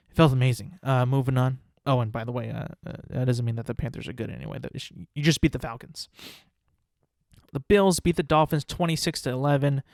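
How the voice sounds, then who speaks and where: A young man hosting a podcast, talking through football results in a rambling, animated, self-mocking way. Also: mid-range voice, gravelly, no room sound, studio quality. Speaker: podcast host. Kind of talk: casual solo sports talk.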